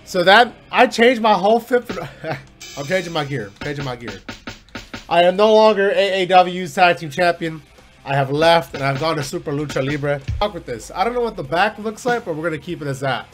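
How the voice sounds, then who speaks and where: A man giving loud, profane let's-play commentary while wrestling in a video game. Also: fairly high pitch, normal speed, soft background music. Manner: excitable, profane, yelling at the game. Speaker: gaming YouTuber.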